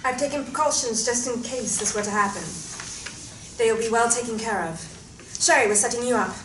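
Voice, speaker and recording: Woman reading lines, kinda high, calm, echoey room far from mic. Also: fairly quick, a little hiss or hum. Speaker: actor reading Dolores. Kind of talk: script reading.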